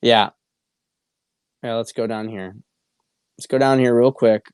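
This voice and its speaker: A male host talks through viewer questions on a casual livestream, blunt and sometimes profane, repeating his points. His voice is smooth and resonant at a middling pitch. The sound is dry and close, with almost no room behind it. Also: steady tone, a little slow, a little mellow, no room sound. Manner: blunt and profane, with frequent repetition and restarts. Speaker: show host.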